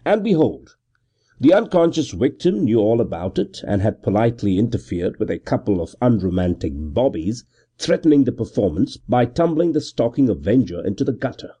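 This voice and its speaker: A man reading a period novel aloud as a first-person narrator, measured and expressive. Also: medium pitch, breathy edge. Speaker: audiobook narrator.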